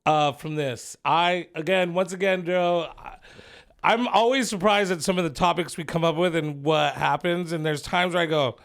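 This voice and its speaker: Laid-back, profane man, somewhat high voice. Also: moderate pace, gravelly, a bit bright. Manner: profane, laid-back, says "dude" and "bro" a lot. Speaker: podcast co-host. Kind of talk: casual podcast chat.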